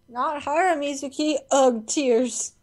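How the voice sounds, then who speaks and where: Giggly woman co-hosting a fan podcast. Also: sits high. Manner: giggly, animated, quick to laugh. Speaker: podcast co-host. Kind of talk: casual fan podcast chat.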